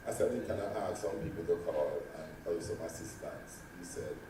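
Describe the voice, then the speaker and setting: A man telling stories in a convention speech, swinging dramatically between loud and hushed. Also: low voice, normal speed. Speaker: convention speaker. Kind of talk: storytelling speech. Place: large convention hall. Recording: echoey hall from far off, faint noise.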